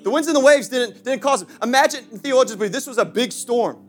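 A male pastor preaching passionately, swinging from loud calls to hushed asides with playful remarks to the congregation. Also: extremely high pitch, fast talker, faint music behind. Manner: impassioned preaching with sudden shifts from shouting to hushed. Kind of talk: sermon.

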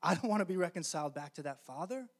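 High-voiced man preaching earnestly. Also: animated. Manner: earnest, emphatic, often slowing down on key phrases. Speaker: pastor. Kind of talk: sermon.

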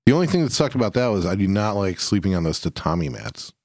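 Low-voiced guy rambling casually, swears a lot, dry close mic. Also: sing-song, quick pace, a little mellow, dry recording. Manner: laid-back, swears freely, rambling. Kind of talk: casual chat.

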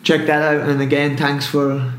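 A man's voice: on the high side, flat delivery, moderate pace, roomy sound, a little hiss or hum. A man co-hosting a casual football podcast, rambling and often asking "you know what I mean". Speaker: podcast co-host.

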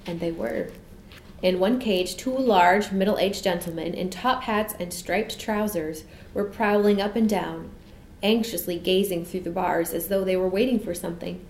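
A woman reads a storybook aloud in a measured, expressive manner at an ordinary middle pitch. Her voice rings in a reverberant room, with a faint hiss underneath. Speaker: narrator. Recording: echoey room.

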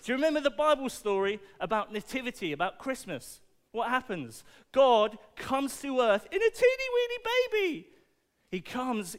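This preacher's voice is very high-pitched and smooth as he delivers a lively, playful children's talk. Object lessons carry the message, and he keeps asking the kids questions.

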